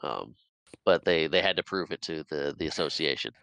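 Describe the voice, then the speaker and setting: A man's voice: very deep voice, expressive, normal speed, creaky, a bit bright, smooth, no echo, low-quality recording. A man co-hosting a podcast, rambling through a casual film recap and laughing often. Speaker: podcast co-host.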